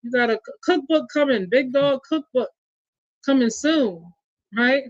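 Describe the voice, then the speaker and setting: Podcast co-host, woman, relaxed and chatty, muffled dry audio. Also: high voice, a little slow, no echo. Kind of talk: casual conversation.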